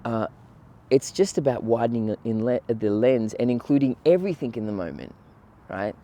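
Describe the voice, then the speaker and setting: A man giving a relaxed, conversational outdoor talk on gratitude, often checking in with his listeners. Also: medium pitch, normal speed. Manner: relaxed, conversational, frequent "right?" and "you know". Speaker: meditation teacher. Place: outdoors by the water on a windy morning.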